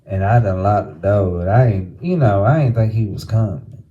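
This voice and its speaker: A man's voice: on the low side, animated, normal speed, warm tone, highs cut off. A man co-hosting a podcast, telling a story in profane, casual chat with laughs. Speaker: podcast co-host.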